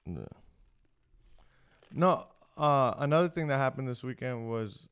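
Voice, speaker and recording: Male podcast co-host, smooth clear voice, rambling casual storyteller. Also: medium pitch, a little slow, fairly bright tone. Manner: rambling storyteller, many restarts and "like". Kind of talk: casual chat.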